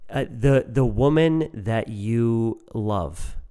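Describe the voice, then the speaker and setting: A man's voice: mid-range voice, drawn-out words, mellow, smooth. A young man co-hosting a Christian podcast, talking earnestly and building into fervent, prayer-like lists. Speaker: podcast co-host. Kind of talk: casual Christian podcast conversation.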